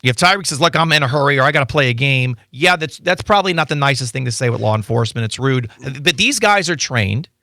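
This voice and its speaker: Bright, gravelly man telling stories. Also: mid-range voice, fast talker, few pauses, no room sound, studio quality. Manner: animated storytelling with frequent restarts. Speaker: attorney guest. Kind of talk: casual radio studio chat. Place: radio studio. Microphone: studio microphone.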